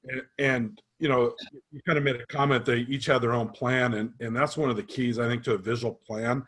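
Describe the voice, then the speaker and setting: A man hosting a conversational interview about sports vision training, casual and relaxed, with many fillers. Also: medium pitch, a little fast.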